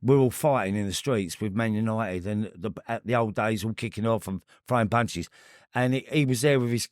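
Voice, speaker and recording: A middle-aged man speaks with a Cockney accent in a low voice that sits close and dry on a studio mic. He tells stories in a casual interview, stumbling over his words and starting sentences again. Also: dry recording. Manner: rambling, halting, with many restarts. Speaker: podcast guest.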